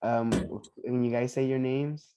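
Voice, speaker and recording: A man teaching English pronunciation on a video call, patiently repeating each word slowly for his students. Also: medium pitch, level tone, noisy background. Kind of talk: online pronunciation lesson.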